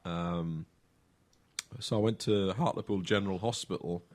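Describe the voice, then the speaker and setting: A man's voice: deep voice, a little slow, a little mellow, a little hiss or hum. A man rambles through a crude personal story on a podcast. He hesitates constantly, stacking ums and restarts as he goes. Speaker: podcast co-host. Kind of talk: casual chat.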